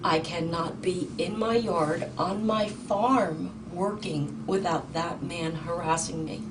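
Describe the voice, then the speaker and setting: A middle-aged woman testifying in a courtroom, urgent and indignant, halting with ums and restarts. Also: lowish voice. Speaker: petitioner in court. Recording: distant mic with faint noise.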